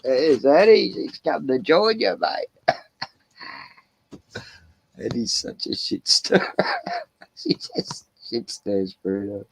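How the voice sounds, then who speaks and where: Slow, lively drunken man. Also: mid-range voice, vocal fry, breathy edge, no room sound, poor audio. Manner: rambling, swearing, laughing often. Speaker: live stream host. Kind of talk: rambling casual live stream chat to his dogs. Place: small caravan indoors.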